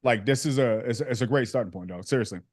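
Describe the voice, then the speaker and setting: A man's voice: medium pitch, fast talker, a little mellow, no room sound, studio quality. A man hosting a sales community on a video call, joking and slangy with lots of fillers. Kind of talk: casual coaching chat on a video call.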